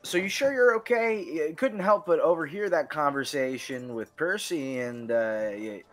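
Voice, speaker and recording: An actor playing a caring, perceptive male coworker who talks gently with a teasing edge. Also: fairly high pitch, expressive, moderate pace, faint music behind, natural voice. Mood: concerned. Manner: gentle, teasing, hesitant fillers.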